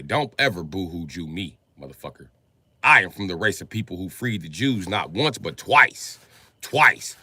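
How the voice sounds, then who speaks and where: A man holds forth on his own livestream in a rough, profane rant that drops to a mutter and climbs to shouts. His voice is piercingly bright and tense, with a pitch that leaps about a lot, recorded close and dry. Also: no echo. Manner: profane, ranting, swings from low muttering to loud shouting. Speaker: livestream host. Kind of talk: livestream monologue.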